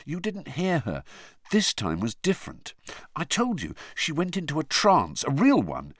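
A man's voice: on the high side, huge pitch swings, unhurried, dry recording, clean studio sound, voice pushed up, heavily acted. A man reading aloud and voicing a troubled teenage boy, earnest and uneasy. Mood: insistent.

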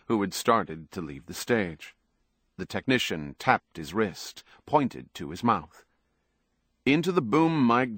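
A man reading a novel aloud as narrator, in a measured, even manner. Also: on the low side, no echo, clean studio sound. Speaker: audiobook narrator. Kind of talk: scripted narration.

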